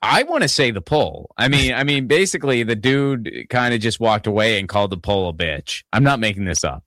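A man's voice: medium pitch, lively intonation, fairly quick, a bit bright, dry recording. A man from Pittsburgh hosting a casual political talk show, rambling with lots of stammered restarts and profanity. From Pittsburgh, Pennsylvania. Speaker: podcast host.

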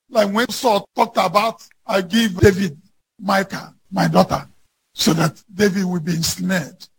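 A man preaching a sermon, reading scripture and rising to shouted emphasis. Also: sits high, gravelly, breathy edge.

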